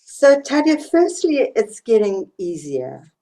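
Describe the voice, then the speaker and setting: A South African author, a woman, telling stories as an interview guest and acting out the quotes in lively fashion. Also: a little high, takes it slowly. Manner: animated storyteller acting out quotes. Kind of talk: storytelling interview.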